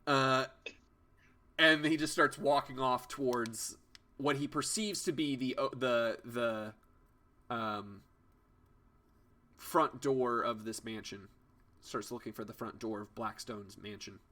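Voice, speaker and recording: A man's voice: mid-range voice, slow pace, long pauses, bright, forceful tone. A young man narrating as game master of a tabletop game, hesitant with many fillers and restarts.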